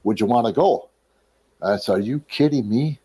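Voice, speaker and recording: A middle-aged man from Wisconsin gives a personal testimony, retelling his life in a storyteller's flow. His voice is mellow and warm, at an ordinary pitch for a man. He slips into the voices of the people he quotes and clears his throat now and then. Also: moderate pace. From Wisconsin, USA. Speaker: ministry leader telling his life story.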